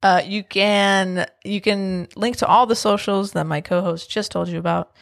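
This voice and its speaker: A woman's voice: mid-range voice, fairly even intonation, moderate pace, gravelly, no echo. A woman co-host on a casual podcast, upbeat and conversational. The sound is dry and close, with no room around her. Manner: upbeat, runs through show contact details. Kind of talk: casual chat.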